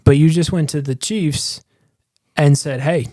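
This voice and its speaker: A man co-hosting a sports podcast in casual chat, talking fast and emphatically, with frequent restarts. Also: on the high side, dark tone, dry recording, studio quality. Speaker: podcast co-host.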